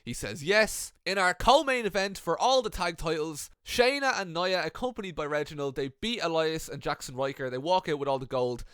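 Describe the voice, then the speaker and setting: Swearing lad, dry close sound. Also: male voice, fairly high pitch, expressive, a little fast, few pauses, a bit bright, clear, resonant tone, no echo. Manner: swears often, acts out the wrestlers' quotes. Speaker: wrestling commentator. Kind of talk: casual storytelling.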